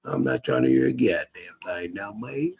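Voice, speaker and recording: Man, husky gravelly voice, profane rant, mocking, streamer. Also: low-pitched, very animated, normal speed, a little mellow. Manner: heated, cursing, mocking, laughs between lines. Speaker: social media streamer.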